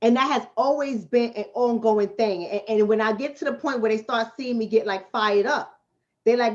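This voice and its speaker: This relationship coach from the Bronx hosts a laid-back livestream, her fairly high voice at a moderate pace over lo-fi sound. She handles chat with streetwise bluntness, restating points to make them stick.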